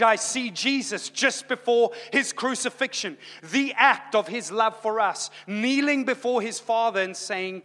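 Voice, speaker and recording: Bright-voiced male preacher in reverberant hall. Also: on the high side. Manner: dynamic preaching, swings from soft to loud. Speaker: pastor. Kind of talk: sermon.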